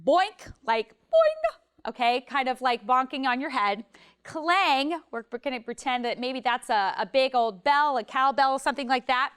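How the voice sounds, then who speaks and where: Cheerful teacher lady doing a kids movement lesson, high smooth voice, acting out the motions. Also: steady tone, a little fast, few pauses, fairly bright tone. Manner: upbeat, demonstrating motions while talking. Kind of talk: children's lesson.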